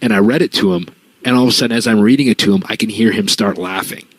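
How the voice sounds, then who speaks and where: A man co-hosting a podcast, telling an anecdote in an animated, storytelling way. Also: fairly low pitch, fast talker, slightly rough, poor audio. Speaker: podcast co-host. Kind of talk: casual chat.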